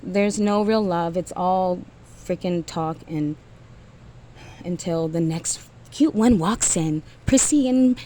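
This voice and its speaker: A woman's voice: lowish voice, slow, dark tone, slight background noise. A woman giving a blunt, profane motivational rant to single mothers, emphatic and often trailing off with sighs.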